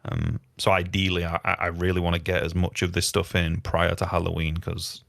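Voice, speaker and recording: Very deep, gravelly man in a dry room. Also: little pitch movement, fairly quick, fairly bright tone, dry recording. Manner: earnest, stammering restarts. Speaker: game developer. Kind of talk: casual interview chat.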